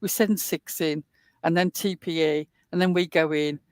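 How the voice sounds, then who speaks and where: A woman hosts a casual online talk show, rambling at length with plenty of fillers in podcast-style chat. Her voice is fairly low and steady at a moderate pace, recorded with clean studio sound and no echo.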